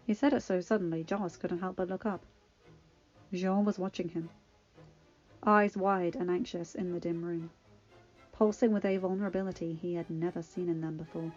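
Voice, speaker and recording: A woman reading fanfiction aloud in a measured, expressive narration. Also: lowish voice. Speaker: fanfiction reader. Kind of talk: audiobook-style story reading. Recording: dull lo-fi recording. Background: faint music.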